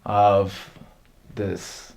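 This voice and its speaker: A man with a somewhat low voice tells a meandering comic story at an extremely slow crawl. He halts often and leaves long gaps between phrases. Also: flat delivery, creaky, a little mellow. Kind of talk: rambling comic monologue.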